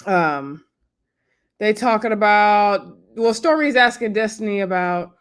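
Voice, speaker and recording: A woman talks through a reality show episode in a loose, rambling way. She acts out the cast's lines as she goes. Her pitch sits at a middling level. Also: smooth. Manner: chatty and rambling, acts out quotes. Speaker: reality TV recap host. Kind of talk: casual recap chat.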